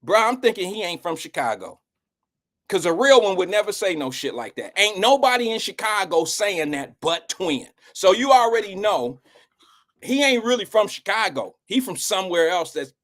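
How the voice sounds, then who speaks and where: A man's voice: high voice, a bit bright. A middle-aged man hosting a live show, telling a rambling, slangy and emotional story in casual talk.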